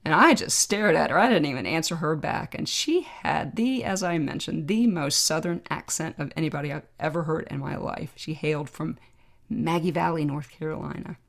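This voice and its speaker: A middle-aged woman hosting a podcast, telling a personal story in a reflective, emotional way with pauses. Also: sits low, expressive, gravelly. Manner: reflective, emotional, pausing to remember. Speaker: podcast host, trauma doctor.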